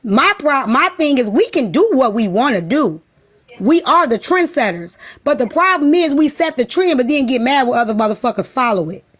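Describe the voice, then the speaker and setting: A high-voiced woman rants on a talk show. She speaks bluntly, swears freely, and hammers each point home. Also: very animated, normal speed, fairly bright tone, breathy edge. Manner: blunt, profane, emphatic. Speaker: show host. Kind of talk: heated casual talk-show rant.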